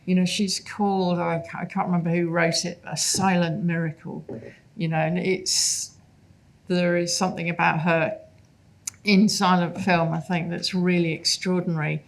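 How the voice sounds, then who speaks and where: Woman moderator, gravelly low voice, thoughtful and searching, live cinema panel. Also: level tone, moderate pace. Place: cinema stage.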